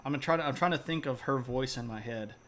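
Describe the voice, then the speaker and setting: A man's voice: medium pitch, quick pace, fairly bright tone, slight background noise. A man hosting a casual history live stream, chatty and laughing often, with plenty of fillers. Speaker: teacher.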